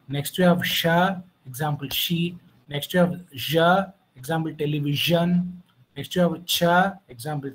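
A man's voice: fairly high pitch, poor audio. A man with an Indian English accent giving an online lecture, explaining patiently step by step and often saying "you know". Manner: patient, stepwise, with many "you know" fillers. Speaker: guest speaker.

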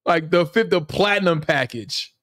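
A man co-hosting a casual sports podcast, ranting in an animated, exasperated way. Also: fairly high pitch, normal speed, no room sound, studio quality. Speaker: podcast co-host.

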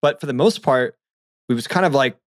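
A man's voice: mid-range voice, fairly quick, no echo, studio quality. A man in his thirties co-hosting a podcast, chatting casually and rambling through his memories. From Southern California. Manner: relaxed, rambling storyteller. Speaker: podcast co-host. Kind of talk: casual chat.

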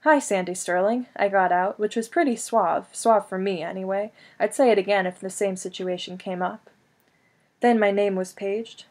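A woman narrating a first-person audiobook in a wry, conversational tone. Her voice sits at an ordinary middle pitch and moves along easily. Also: steady tone, normal speed, a little mellow. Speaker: audiobook reader.

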